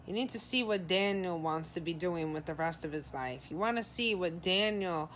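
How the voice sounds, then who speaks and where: A woman's voice: lowish voice, lively intonation, normal speed, a bit bright, a little hiss or hum. A woman, a psychic medium, giving a live reading. She relays spirit messages in the first person in a casual, direct, frank advising way.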